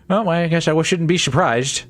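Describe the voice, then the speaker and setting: A man's voice: a little high, moderate pace, no room sound. A man streaming a game playthrough, joking around, laughing often and reading lines in mock-dramatic voices.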